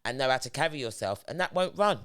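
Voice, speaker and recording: A podcast host from London talks in a blunt, emphatic way, her London accent plain and her speech full of slang. Her voice moves lively up and down as she makes her points in casual chat. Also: very deep voice, fast talker, clear, resonant tone. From London, England.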